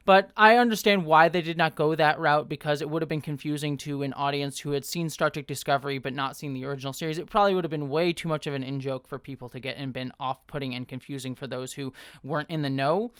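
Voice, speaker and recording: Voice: medium pitch, fairly bright tone, clean tone, dry recording, clean studio sound. A TV review host talking through an episode in a chatty, enthusiastic way, with many fillers and asides. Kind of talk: casual spoken episode review.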